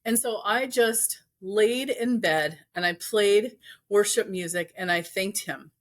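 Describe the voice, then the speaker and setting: Woman in her 40s chatting on a podcast, earnest, lots of "you know", mid pitch voice. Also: takes it slowly. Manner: earnest, storytelling, faith-filled, many fillers. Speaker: entrepreneur guest. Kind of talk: casual interview chat.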